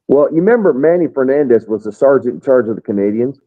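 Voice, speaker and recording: A man's voice: medium pitch, lively intonation, fast talker. An American man, a retired first sergeant, casually telling army stories and acting out what others said. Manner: rambling storyteller, acts out quoted soldiers. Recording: tinny phone-like line.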